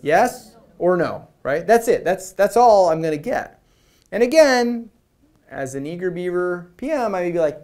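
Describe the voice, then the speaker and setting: A man giving a presentation at a meetup. He talks to the audience in a conversational, energetic way and acts out quoted lines. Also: high-pitched, a little slow. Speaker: product management speaker.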